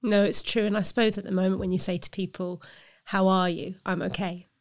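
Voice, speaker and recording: Flat-toned woman host. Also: medium pitch, brisk. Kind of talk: conversational interview.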